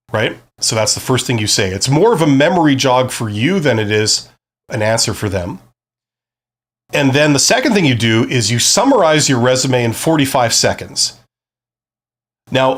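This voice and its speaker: A man talks through career advice on a live stream, explaining step by step. His pitch moves a lot, and he keeps checking in with his listeners. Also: fairly bright tone. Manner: conversational, explanatory, frequent "right?" check-ins.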